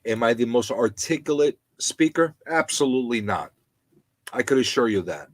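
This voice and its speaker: A man hosting a live stream, ranting about landlords in an animated, indignant, repetitive way. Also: medium pitch, a little slow, long pauses, dry recording, rough recording.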